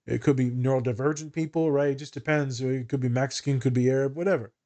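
A man's voice: medium pitch, fast. Brief: male social worker hosting a podcast, candid and swearing freely, mid-range voice. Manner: candid, profane, animated storytelling. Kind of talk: casual podcast discussion.

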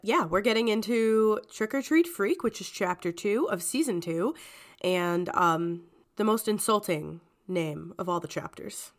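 A podcast co-host chats casually in a mid-range voice, speaking a little slowly. She sounds congested from a cold and laughs often, coming across as giggly, chatty and lively.

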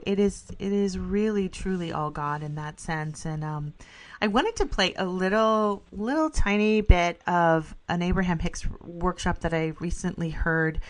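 A middle-aged woman co-hosting a casual spiritual podcast, enthusiastic, laughing often and filling with "you know". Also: on the low side. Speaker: podcast co-host.

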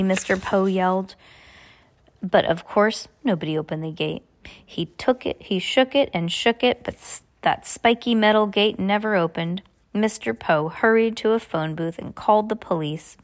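A woman reading a novel aloud casually, stumbling over words and correcting herself. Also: lowish voice. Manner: casual, stumbles and self-corrects, comments aside. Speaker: reader.

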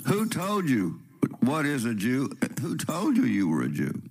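A man hosting a spiritual radio show, with a raspy voice and the sniffles from a cold. He talks in a preachy, rambling way, firing rhetorical questions and restarting his sentences. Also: medium pitch, wildly swooping pitch, a little slow.

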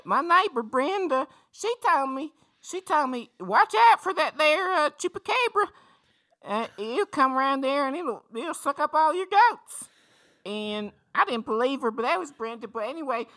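A man voicing an excitable male caller from rural Kentucky, with a put-on Kentucky twang in a very high, squeaky voice, for a comedy call-in sketch. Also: exaggerated voice.

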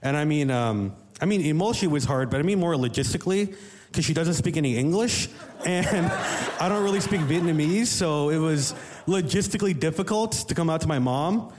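A woman performing a deadpan, self-deprecating stand-up set on a comedy stage, speaking into a handheld mic before a live audience. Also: deep voice, a little fast. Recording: live club with crowd and noise.

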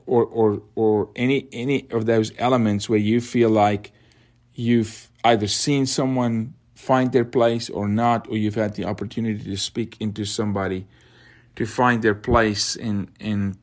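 A man's voice: fairly low pitch, fairly even intonation, measured pace. A man hosting a faith podcast, speaking in an impassioned, exhorting way. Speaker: podcast host.

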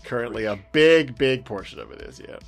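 A man co-hosting a casual podcast, talking in halting bursts with many fillers and easy laughter. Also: mid-range voice, expressive, vocal fry, soft background music. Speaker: podcast co-host.

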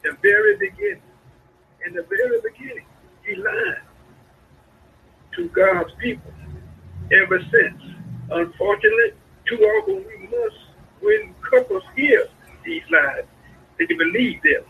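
A man preaching a sermon, a pastor calling out to his congregation with sudden high swoops in his voice. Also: wildly swooping pitch, unhurried, gravelly, pauses often. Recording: lo-fi radio broadcast sound.

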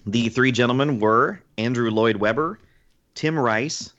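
A man reading out trivia questions on a podcast, measured and deliberate. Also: mid-range voice, fairly bright tone. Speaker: trivia quizmaster. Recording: dull lo-fi sound.

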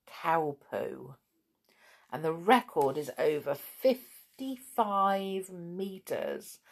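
Woman, kids' podcast host, lively swooping pitch, lowish voice, playful and exclamatory. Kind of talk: chatty presenting to children.

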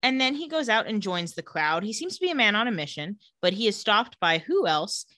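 A woman co-hosting a podcast, recapping a TV episode in casual chat, animated and full of "like" with the odd swear. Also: mid-range voice, brisk, no echo, clean studio sound. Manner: animated storyteller, heavy use of "like", swears casually.

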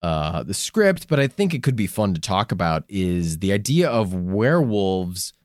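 Crude joking guy cohosting a podcast, super lively voice, dry mic. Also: low-pitched, moderate pace, no room sound. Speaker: podcast co-host. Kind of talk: casual comedic chat.

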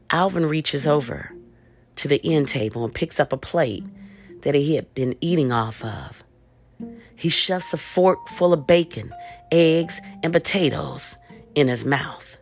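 Woman, storyteller, sultry, teasing, low voice, unhurried. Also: lively intonation, soft background music. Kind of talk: first-person erotic story narration.

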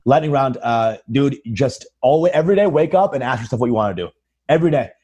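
A man's voice: medium pitch, lively intonation, fast, dark tone. A young man in a casual comedy podcast chat, crude and riffing, saying dude a lot. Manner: crude, riffs with put-on voices, says dude a lot.

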